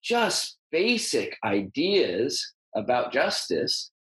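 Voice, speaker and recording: A man's voice: medium pitch, sing-song, extremely slow, a bit bright. A man hosting a casual teaching talk, thinking aloud with frequent ums and uhs as he explains a scripture passage. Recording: roomy echo.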